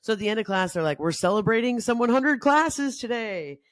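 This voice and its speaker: A young adult woman hosting a casual self-help talk, chatty and animated, acting out quotes with big jumps in her voice. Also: a little high, a little fast, dry recording, clean studio sound. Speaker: podcast host.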